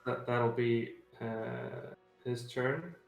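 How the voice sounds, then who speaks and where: A man running an online tabletop game as game master, pausing often with fillers. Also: medium pitch, huge pitch swings, gravelly, reverberant, muffled recording, faint music behind. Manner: hesitant, many filler pauses.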